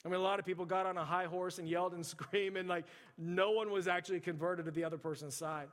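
A man's voice: high voice, fairly even intonation, quick pace, fairly bright tone. A man, preaching a sermon in a chatty storytelling way, with lots of restarts. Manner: conversational storytelling with frequent restarts and "like". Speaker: pastor. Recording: reverberant church hall.

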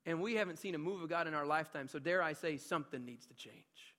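A male pastor with a high, bright, cutting voice delivers a passionate sermon in a church sanctuary. He talks conversationally, tossing in quick asides, then drops low and quiet before building to loud, ringing emphasis. His voice carries a long reverb from the big hall. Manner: passionate preaching that swings from hushed asides to loud emphatic peaks; conversational, with frequent filler asides.

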